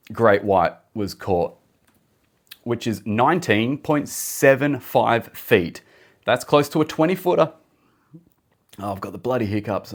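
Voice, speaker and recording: A man hosting a podcast, talking casually through facts with jokey asides. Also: fairly low pitch. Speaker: podcast host. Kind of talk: casual solo podcast talk.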